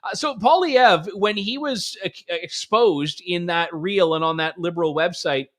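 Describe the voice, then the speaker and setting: A man hosting a political commentary show, energetic, chuckling and sarcastic. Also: high voice, unhurried.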